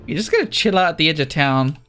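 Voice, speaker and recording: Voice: mid-range voice, expressive, fast talker, fairly bright tone, soft background music. A let's play host chatting casually while playing a game. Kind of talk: casual gameplay commentary.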